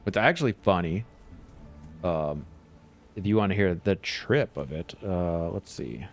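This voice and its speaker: A man's voice: deep voice, animated, a little slow, faint music behind. A man chatting casually while streaming a game, rambling along and chuckling often. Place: home.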